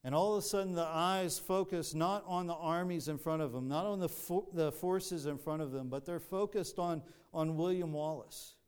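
Earnest man preaching, smooth clear voice. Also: a little high, moderate pace, few pauses. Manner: earnest, repeats words and restarts often. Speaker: pastor. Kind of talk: sermon.

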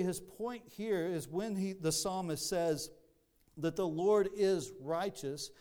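A man delivers a sermon in a smooth, resonant voice pitched a little high. He talks earnestly, circling back and repeating words as he builds his point. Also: mellow. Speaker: pastor.

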